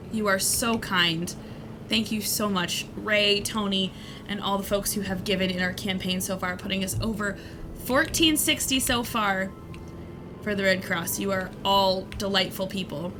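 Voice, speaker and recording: A woman with a mid-range voice hosts a charity livestream while playing a game, giggling playfully as she thanks donors in casual chat. Background noise can be heard.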